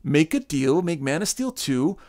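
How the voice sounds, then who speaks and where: A man's voice: on the high side, big pitch swings, measured pace, a little mellow. A man hosting a podcast, chatting casually and animatedly, swearing freely and acting out what others might say. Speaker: podcast host. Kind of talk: casual chat.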